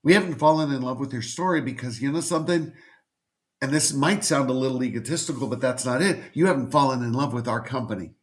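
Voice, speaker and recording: A man's voice: medium pitch, fast. Emphatic male literary agent lecturing viewers. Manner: emphatic, repetitive, speaks straight to the viewer. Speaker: literary agent giving advice. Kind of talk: direct-to-camera educational talk.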